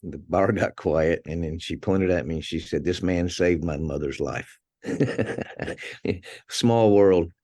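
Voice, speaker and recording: A man's voice: low voice, slow pace, mellow, no room sound, clean studio sound. A man being interviewed as a podcast guest, telling anecdotes in a conversational way, chuckling now and then and restarting his words.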